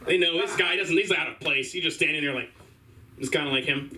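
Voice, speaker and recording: A young man doing a rambling open-mic stand-up set, halting and full of fillers. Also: a little high, pushed and bright. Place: small comedy stage. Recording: distant mic, faint room noise.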